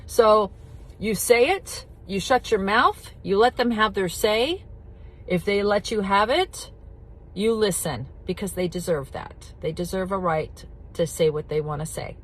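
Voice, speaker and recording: This middle-aged woman coaches people through addiction recovery, talking straight to the camera in a relaxed lesson. She's blunt, repeats herself for emphasis, and swears casually, all in a medium-pitched voice at a measured pace.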